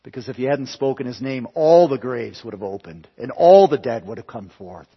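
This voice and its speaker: A man preaching a sermon in a dramatic way, dropping to hushed tones and then building to loud, emphatic peaks. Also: mid-range voice, lively intonation, moderate pace, breathy edge. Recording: long hall reverb, dull lo-fi sound.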